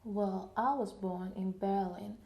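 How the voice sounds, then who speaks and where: Woman, mock exam candidate, monotone answers, soft dark voice, reverberant room. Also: mid-range voice, slow pace. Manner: flat, monotone. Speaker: student in a mock speaking test. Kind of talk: scripted role-play answers.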